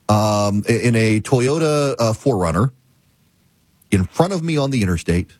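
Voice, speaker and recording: A man's voice: medium pitch, darkish tone, no room sound. A man hosting a talk show, telling a story in a casual, exasperated rant and repeating his points for emphasis. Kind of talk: casual monologue, ranting storytelling.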